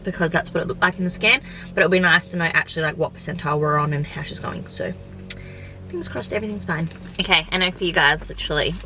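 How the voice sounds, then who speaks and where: Young woman vlogging, kinda low voice, rambly chatty talk full of likes. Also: pushed and bright, a little hiss or hum. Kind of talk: casual vlog chat to camera.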